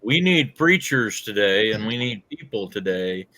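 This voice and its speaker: A man's voice: on the low side, sing-song, a little slow, pushed and bright, a little hiss or hum, low-quality recording. A man, talking in a folksy, plainspoken way in a casual chat.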